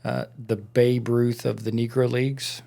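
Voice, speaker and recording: A man's voice: medium pitch, level tone, a little slow, gravelly, warm tone. A man co-hosting a podcast, casually telling a rambling story with lots of fillers in a studio. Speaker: podcast co-host. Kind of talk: casual chat.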